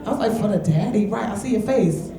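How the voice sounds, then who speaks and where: A woman from Michigan doing stand-up comedy, telling stories in a loud, brash way with big exclamations. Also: mid-range voice, lively intonation, fast. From Michigan, USA. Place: comedy club stage before a live audience. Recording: echoey club with loud crowd.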